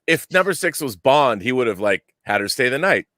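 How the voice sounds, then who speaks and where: A man's voice: mid-range voice, sing-song, fairly quick, sharp tone, dry recording, clean studio sound. A man guesting on a casual discussion, joking and laughing often.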